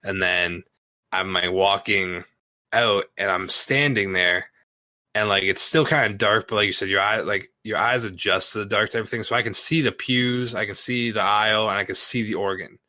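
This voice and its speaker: Male storyteller, casual, profane, filler-heavy, forceful tone, dry close sound. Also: lowish voice, steady tone, normal speed, no echo.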